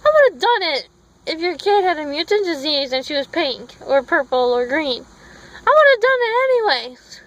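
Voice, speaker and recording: High-voiced rambling woman. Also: a little fast, poor audio. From Minnesota. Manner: rambling, with tangents and self-corrections. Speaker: vlogger. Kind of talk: casual storytelling vlog. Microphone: phone.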